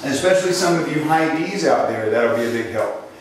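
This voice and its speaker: A man's voice: medium pitch, fairly quick, a little hiss or hum. A man teaching a live sales seminar, telling stories, acting out voices and questioning his audience. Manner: animated storytelling, acts out voices, asks the audience questions. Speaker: sales trainer. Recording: echoey hall, mic from a distance.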